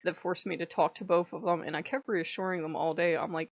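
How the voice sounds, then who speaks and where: A woman's voice: lowish voice, fairly even intonation, fairly quick, hardly any pauses, no room sound. Chatty woman vlogger, lo-fi and dry. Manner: chatty, laughs often. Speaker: channel host. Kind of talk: casual storytelling vlog.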